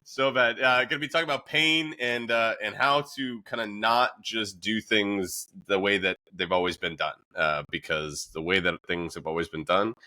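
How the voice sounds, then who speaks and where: Man, podcast host, low voice, tense bright tone, chatty, fillers and laughs, dry sound. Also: no room sound. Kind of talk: casual podcast conversation.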